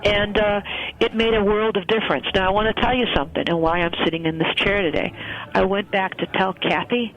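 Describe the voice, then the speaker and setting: A woman's voice: mid-range voice, fairly even intonation, a little fast, muffled recording. A woman guest, a wedding and funeral celebrant, telling a personal story in a chatty way with many fillers. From United States. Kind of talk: casual storytelling interview.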